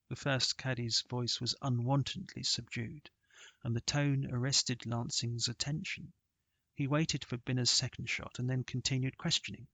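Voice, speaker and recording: A man narrating a scripted horror story in a measured, steady way. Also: mid-range voice, vocal fry, dry recording.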